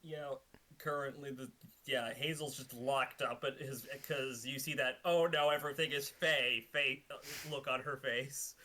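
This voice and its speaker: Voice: mid-range voice, steady tone, unhurried, pushed and bright. A player at a tabletop game, chatting casually with amused asides.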